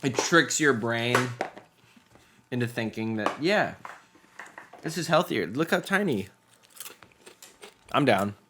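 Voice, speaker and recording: A man's voice: mid-range voice, expressive, slow pace, pauses often, noisy background. Laid-back rambling young man. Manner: laid-back, rambling, jokey with frequent laughs. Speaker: podcast co-host. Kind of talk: casual snack-tasting chat.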